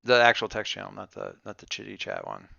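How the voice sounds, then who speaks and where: A man's voice: on the low side, flat delivery, fast, creaky, pushed and bright, dry recording, dull audio. A man running a tabletop game online, chatting casually and joking offhand before play begins. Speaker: game master. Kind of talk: casual pre-game chat.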